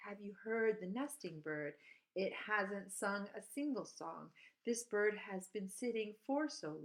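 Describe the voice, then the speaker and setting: A woman reads a bird picture book aloud to children, stopping to chat about the birds she sees near her outdoor school. Her pitch swings widely, and she leaps into high, bright bird calls, then falls to a quiet whisper for the still nesting bird. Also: animated, takes it slowly. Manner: shifts to hushed whisper for quiet parts.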